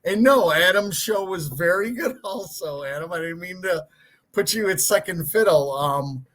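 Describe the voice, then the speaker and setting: A man co-hosting a hockey podcast, talking casually in halting, self-deprecating bursts and often repeating words. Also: high voice, animated, fairly bright tone. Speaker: podcast co-host. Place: hotel room.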